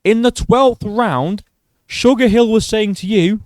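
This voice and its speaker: A man's voice: sits high, slow pace, a little mellow, no room sound. A man giving blunt, profane reaction commentary on boxing.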